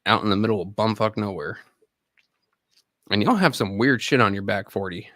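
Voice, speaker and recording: Speaking at a normal pace, a man in his thirties with a lowish, slightly bright voice hosts a casual live stream. The army veteran rambles and swears as he talks right to his viewers, recorded in studio quality without room sound.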